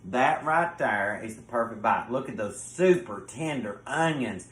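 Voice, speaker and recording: A man's voice: medium pitch, animated, measured pace, a bit bright. A man with a Southern US accent hosting a home cooking show, folksy and effusive, calling his viewers honey. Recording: echoey room.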